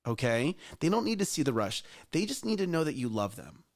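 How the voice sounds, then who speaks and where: A man's voice: fairly high pitch, big pitch swings, brisk. A middle-aged man hosting a casual chat show, earnest and emphatic, challenging listeners directly. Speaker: host.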